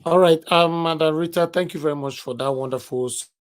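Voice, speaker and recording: Polite Nigerian man moderating a panel. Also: on the high side. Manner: brisk, polite, addresses guests as sir and madam. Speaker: host.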